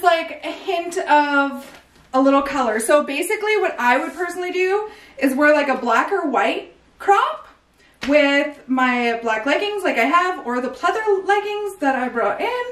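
A bubbly woman with a high voice chats her way through a clothing try-on haul, full of slang and filler words. She stands a little back from the mic in an echoey room. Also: a bit bright, far from the mic. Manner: bubbly, chatty, heavy use of "like" and slang. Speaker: clothing store owner showing new stock.

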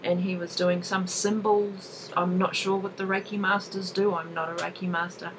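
A woman in her thirties telling a personal story to camera in a casual, expressive way, laughing often. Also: fairly low pitch, moderate pace, slight background noise, poor audio. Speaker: vlogger sharing a personal experience.

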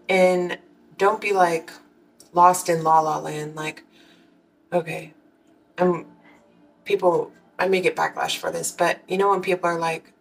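A woman with a fairly low voice chats to her regular viewers as a tarot reader, telling stories with frank, salty language. She acts out her own reactions dramatically. Her voice sits a little away from the mic. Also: recorded from a distance, rough recording. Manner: candid and swears freely, with dramatic quoted reactions. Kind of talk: casual storytelling to viewers.

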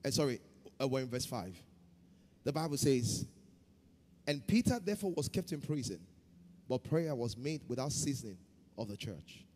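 A man preaching a sermon as pastor, shifting between loud chanted prayer and quiet storytelling. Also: mid-range voice, expressive, moderate pace, long pauses, in a large hall, slight background noise. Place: church hall.

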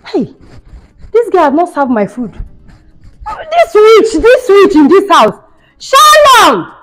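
A woman's voice: high-pitched, sing-song, moderate pace, warm tone. A woman acting a cruel, taunting mother-in-law in a home-made skit, shrieking and mocking. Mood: scolding. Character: cruel scolding mother-in-law, shrill and bullying. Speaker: actor in a skit. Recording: dull sound with faint music behind.

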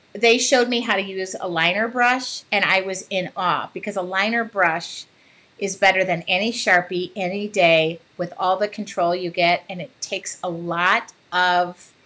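A woman talks slowly and loosely during a casual art livestream. Her voice is bright and forward. She chats with viewers and laughs often. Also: mid-range voice. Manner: chatty, laughs often, answers viewer comments. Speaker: art channel host. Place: home art studio.

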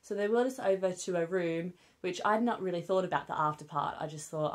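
A young woman with a British accent talks candidly to camera from home, where she's with her newborn. Her pitch is fairly low and her delivery fairly quick, with frequent fillers like "um" and "obviously."

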